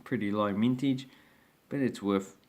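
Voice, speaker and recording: With a fairly low, darkish voice and a measured pace, this vlogger walks casually through his coin collection on his channel, hesitant and rambling with many restarts.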